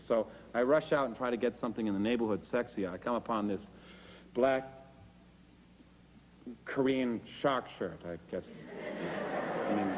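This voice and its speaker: A man's voice: medium pitch, long reverb tail, dull audio, slight background noise. A man performing a wry, self-deprecating storytelling monologue and acting out the dialogue himself.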